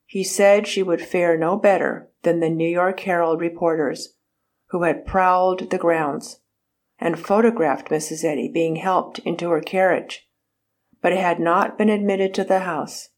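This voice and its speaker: A woman narrates a biographical book in a measured, careful reading voice. She takes her time over every phrase, and her voice sits a little low. She reads the quotation marks aloud. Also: steady tone.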